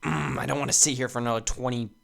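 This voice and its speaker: A man giving mocking, exasperated reaction commentary with deadpan jabs. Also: medium pitch, rapid-fire, creaky. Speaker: commentary YouTuber.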